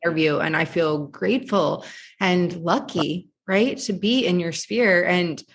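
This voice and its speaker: A woman from Virginia, a podcast guest and author, speaking in a heartfelt, expressive way and often asking "right?". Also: on the low side, measured pace. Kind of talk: casual interview talk.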